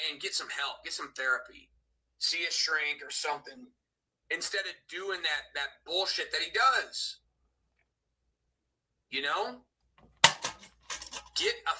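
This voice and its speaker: High, bright-voiced man ranting on a livestream. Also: poor audio. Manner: aggrieved, profane, ranting. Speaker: livestream host. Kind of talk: heated casual livestream rant.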